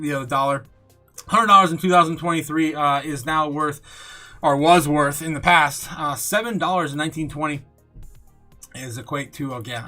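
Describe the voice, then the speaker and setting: A young man hosting a crypto livestream, rambling, laughing, swearing and exclaiming loudly, a bit tipsy. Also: on the high side. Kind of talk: rambling live-stream chat.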